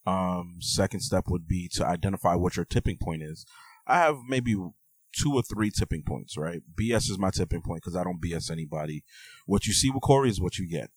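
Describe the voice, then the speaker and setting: A man with a very deep voice co-hosting a podcast, relaxed and joking, with plenty of fillers. The sound is dry and close to the mic. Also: a little fast, no echo. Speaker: podcast co-host. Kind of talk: casual podcast chat and advice.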